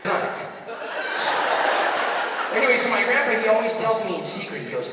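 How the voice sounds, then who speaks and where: A young man from the United States performing stand-up comedy, animated and punchy, asking the crowd for agreement. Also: fairly high pitch, fairly quick, pauses often, noisy background. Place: large theater stage. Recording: echoey theater from far off, loud audience.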